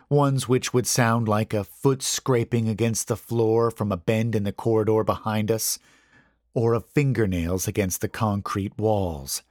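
Guy with a lowish voice reading a creepy story, slow and tense, dry close sound. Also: no echo. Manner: measured, suspenseful first-person reading. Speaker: story narrator. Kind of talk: scripted horror narration.

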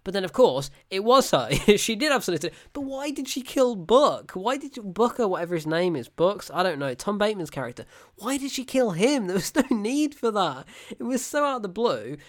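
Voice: medium pitch, big pitch swings, fairly quick. Unscripted film reviewer: blunt, exasperated, sarcastic, laughs often. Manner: rambling and unscripted, with self-corrections. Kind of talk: casual spoken film review.

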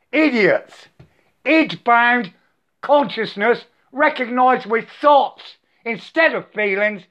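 A man's voice: extremely high pitch, fairly bright tone. An older man delivering an angry, profane, preachy monologue to the camera, repeating himself and saying "I" for "my". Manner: profane, repetitive, preachy, says "I" for "my". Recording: dull lo-fi sound.

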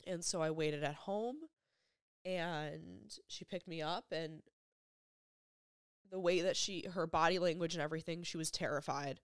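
A young woman with a lowish voice tells a painful personal story on her vlog. She speaks in halting, emotional bursts, circling back on her words and filling gaps with "like". The sound is close and dry, with no room echo. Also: clean tone. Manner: halting, emotional retelling with repeated phrases and many "like" fillers. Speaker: vlogger.

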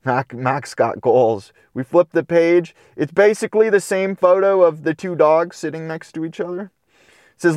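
Guy reading a kids' book out loud, lots of little asides, fairly high voice, dry close sound. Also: normal speed, dry recording. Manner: chatty asides, animated, playful commentary. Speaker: storybook reader. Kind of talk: casual read-aloud with commentary.

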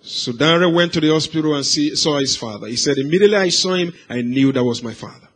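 A man preaching, telling a life story as a sermon, swinging from hushed, slow passages to loud, raised cries. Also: a little high. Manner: dramatic swings from hushed to shouted.

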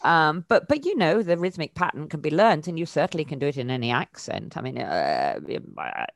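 A woman's voice: deep voice, very animated, fairly quick, vocal fry, no room sound, studio quality. A woman, a voice coach answering interview questions thoughtfully, with many fillers and restarts and sudden emphatic lifts.

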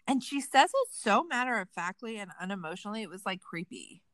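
A woman's voice: medium pitch, fairly quick, dry recording, rough recording. A woman hosting a casual true crime podcast, sarcastic and swearing freely. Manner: animated, sarcastic, swears a lot. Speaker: podcast host.

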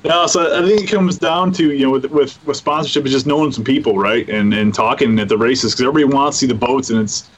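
A man hosting a casual chat about boat racing, talking in halting starts and repeating his words. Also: medium pitch. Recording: slightly muffled audio.

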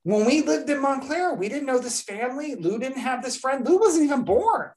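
A high-pitched woman speaks at a moderate pace while hosting a podcast. Chatting casually, she tells a long story in an animated way, performing the quotes of the people involved.

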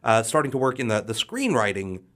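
A man's voice: mid-range voice, very animated, a little fast, a bit bright. A man who is a comedian, chatting as a podcast guest, often repeating words and restarting his sentences. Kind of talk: casual podcast chat.

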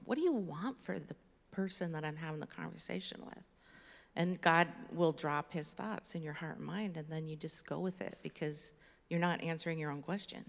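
Low gravelly woman telling stories, chatty and lively, long hall reverb. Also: moderate pace. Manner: chatty, animated storytelling with laughs. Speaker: ministry leader. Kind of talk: casual teaching conversation.

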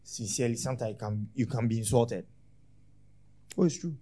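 A man preaching a sermon as pastor, scolding his congregation with rhetorical questions and sudden swings from quiet to loud. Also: medium pitch, fairly quick.

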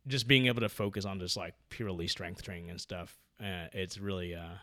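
A man chatting casually about his training, rambling with lots of fillers and getting loud when excited. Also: sits low, a little fast, few pauses, dry recording, clean studio sound. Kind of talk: casual podcast chat.

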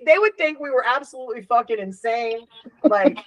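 A woman in her thirties hosting a podcast and chatting casually as a dog groomer, telling stories in a profane, animated way. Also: fairly high pitch, a little fast, no echo. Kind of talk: casual chat.

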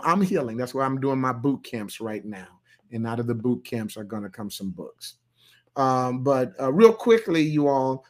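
Pastor guy talking aave, loose and folksy, reading viewer comments, gets loud sometimes, mid pitch. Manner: loose, folksy, playful, with sudden loud bursts. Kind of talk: livestream sermon talk reading viewer comments.

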